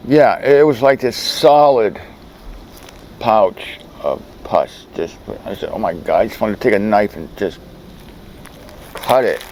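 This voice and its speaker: A man's voice: fairly low pitch, lively intonation, slow pace, pauses often, a little mellow, slight background noise, rough recording. A man hosting his own video show, telling a story in a rambling, chatty way with frequent restarts. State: speech thickened by a swollen tongue. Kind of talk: casual video monologue.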